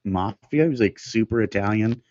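A man, a musician chatting casually on a podcast and telling rambling stories with quick laughs. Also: lowish voice, darkish tone, no room sound. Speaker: guest musician. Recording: dry, dull lo-fi sound, mic too close to mouth.

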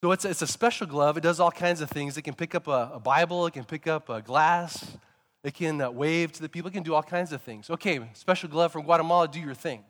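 A man preaching a sermon, telling stories in a lively way and sometimes rising to emphatic shouts. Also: on the high side, brisk, big-room sound. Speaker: pastor.

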